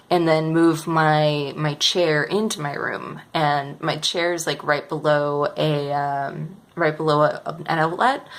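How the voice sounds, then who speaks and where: Rambling low-voiced young woman vlogger. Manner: rambling, hesitant, many fillers and restarts. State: sleepy, yawning. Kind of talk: casual weekly update vlog.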